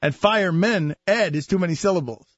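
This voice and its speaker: A man with a high voice hosts sports talk radio, sounding incredulous and teasing. His voice is close and dry, with a slightly dull sound. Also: brisk, no echo. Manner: incredulous, mocking, emphatic. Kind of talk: casual sports radio banter.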